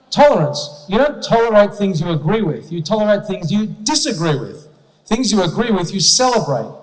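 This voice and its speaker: A man giving an emphatic, rhetorical public speech with slides to an audience at an event, often checking in with "okay?". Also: sits high. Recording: long hall reverb.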